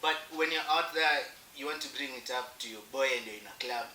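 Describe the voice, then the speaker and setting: Fast-talking bright man. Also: mid-range voice, slight background noise. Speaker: guest. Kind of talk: casual panel chat. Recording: echoey room, distant mic.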